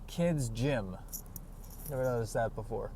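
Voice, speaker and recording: Stuck in traffic, a vlogger rambles solo to the camera from his car, sarcastic and self-mocking with bursts of mock outrage. His mid-range voice is mellow and unhurried.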